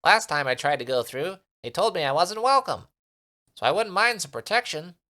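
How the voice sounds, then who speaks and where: A man voicing a tiny, excitable male creature in a gamebook, speaking high and quick. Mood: pleading. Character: tiny chirpy male Minimite creature, impatient.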